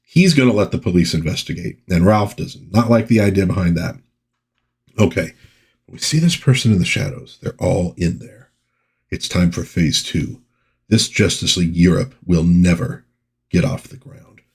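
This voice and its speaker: A man's voice: low voice, moderate pace, vocal fry, darkish tone, husky. A man giving a casual comic book review, chatty and rambling with wry asides. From United States.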